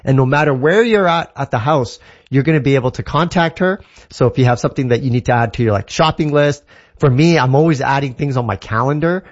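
On the high side and captured in a muffled recording, this man's voice belongs to a Canadian tech guest. In a laid-back tech talk segment he explains things eagerly but loosely, with plenty of fillers and restarted sentences.

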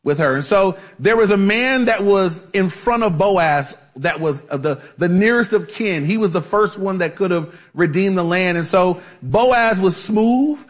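A man's voice: high-pitched, lively intonation, a little slow, hardly any pauses. A man preaching a conversational Bible-teaching sermon, casual and chatty, with frequent asides and restarts. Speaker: pastor.

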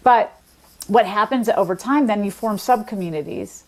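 A woman's voice: medium pitch, moderate pace. A woman guest speaking in an explanatory, lecture-like way, carefully spelling out words and examples. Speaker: linguist guest. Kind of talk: explanatory conversation.

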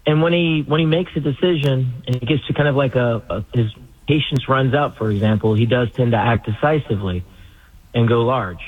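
A male guest expert on the phone for a radio interview, explaining in a measured way. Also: medium pitch, husky. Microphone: phone line. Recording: tinny phone line.

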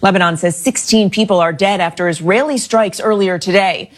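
News correspondent, woman, mid pitch, clear measured report.

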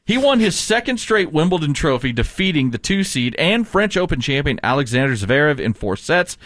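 A man's voice: fairly high pitch, normal speed, dry recording. A man hosting a casual sports news show, reading headlines and laughing with co-hosts. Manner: lively, laughs often, reads news items.

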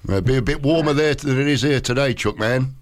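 A man's voice: medium pitch, quick pace. A man co-hosting a casual radio chat, teasing and playful in his banter. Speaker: radio co-host.

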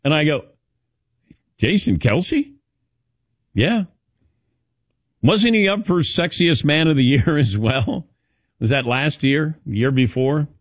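A man hosting a sports talk show, telling stories in a lively, animated way and calling on his co-hosts by name. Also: a little high, moderate pace, no echo, studio quality. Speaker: radio show host. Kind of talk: casual sports talk chat.

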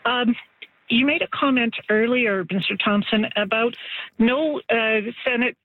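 A man's voice: very high-pitched, measured pace, no room sound. A man from Edmonton calling a radio show, polite and hesitant. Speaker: caller. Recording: tinny phone line with noise.

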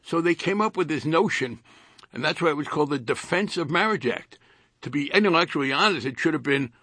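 An older man with a New Jersey accent, a retired congressman in a radio interview, speaking haltingly with dry wit and repeated words. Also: on the high side, expressive, sharp tone, breathy edge, no echo.

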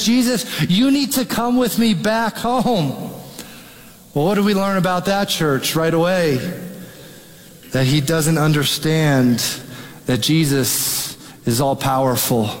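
High-pitched guy preaching a sermon, dramatic, voices the people in the story, big echoey hall. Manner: dramatic, acts out the father's pleading in quoted voice. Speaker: pastor. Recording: long hall reverb.

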